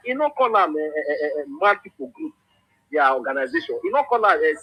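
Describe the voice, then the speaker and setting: A man speaking Nigerian Pidgin in an impassioned political commentary, animated and repetitive with frequent restarts. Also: fairly high pitch, brisk, slightly rough, rough recording. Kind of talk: impassioned monologue.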